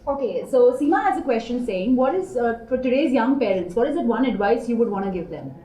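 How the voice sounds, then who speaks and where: Woman presenter reading viewer questions, mellow tone, roomy echo. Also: a little high, expressive, a little fast, far from the mic. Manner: reads out questions, laughs often. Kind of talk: show hosting.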